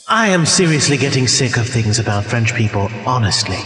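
A man's voice: medium pitch, sing-song, brisk, hardly any pauses, music in the background. A man hosting a comedy radio show, ranting indignantly and bickering with himself.

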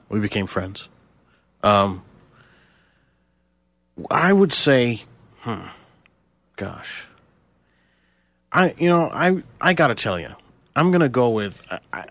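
A man's voice: on the low side, fairly bright tone, dry recording. A man as a guest on a radio show, stammering and rambling through his answers. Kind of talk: hesitant comedic interview.

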